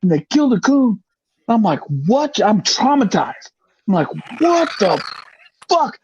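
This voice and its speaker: A man telling a hunting story in casual podcast chat, profane and animated, acting out the other people's voices. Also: sits high, a little slow, breathy edge, no room sound, muffled recording. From grew up in the projects. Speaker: podcast host.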